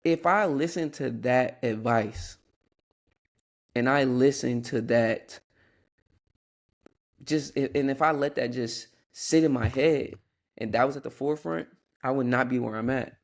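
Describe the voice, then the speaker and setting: A man's voice: medium pitch, measured pace, long pauses. A young man hosting a Christian podcast, talking earnestly in a rambling, casual way with restarts and asides. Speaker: podcast host.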